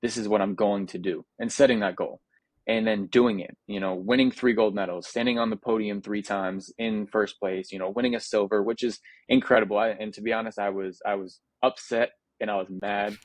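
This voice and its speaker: A man's voice: on the low side, steady tone, fairly quick, no echo. A young man from the United States, speaking as an interview guest in a reflective, earnest way, with frequent restarts and fillers. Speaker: interview guest, Paralympic athlete. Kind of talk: casual interview.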